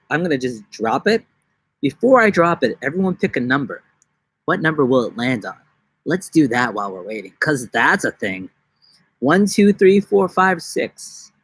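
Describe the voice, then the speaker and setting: A young man from New York chatting on a casual live stream from his backyard, rambling and joking, with bursts of silly high-pitched voices. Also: fairly bright tone, slightly rough, no echo. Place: outdoors in a backyard.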